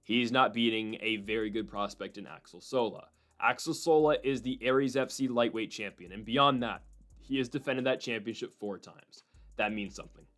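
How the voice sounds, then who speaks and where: Guy doing mma picks on his channel, fired up and opinionated, mid-pitch voice, does little impressions. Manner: animated, opinionated, mimics people in quick asides. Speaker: MMA prediction channel host. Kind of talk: solo fight-prediction commentary.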